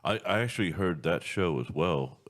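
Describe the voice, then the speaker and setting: Podcast host, man, extremely low voice, loose rambling chat with restarts. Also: lively intonation, moderate pace. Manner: rambling, repeats words and restarts. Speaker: radio show host.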